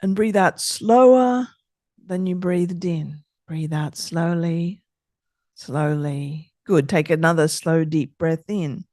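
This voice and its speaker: Slow, soothing woman guiding breathing. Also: on the low side, no echo, clean studio sound. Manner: slow, soothing, gentle instructions. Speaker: podcast host guiding breathing exercises. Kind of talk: calm guided breathing exercise.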